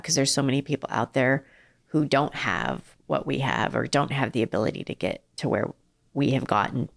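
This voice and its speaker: Her voice is a rumbling, creaky low, animated and at normal speed. A middle-aged southern Californian who founded an ice cream company and serves as its CEO, she talks earnestly as an interview guest, with plenty of fillers and restarts.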